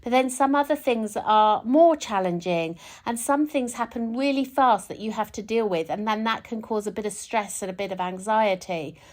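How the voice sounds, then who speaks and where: A woman hosting her own podcast as a spiritual coach, talking through her week in a gentle, reflective way, often restarting and repeating words as she thinks aloud. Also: a little high, normal speed, hardly any pauses. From United Kingdom. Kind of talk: reflective casual monologue.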